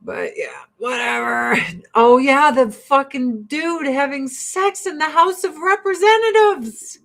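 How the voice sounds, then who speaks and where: A woman hosting a livestream, chatting casually in a blunt, profane, animated ranting way with frequent laughter. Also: high-pitched, slow, gravelly. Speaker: livestream host.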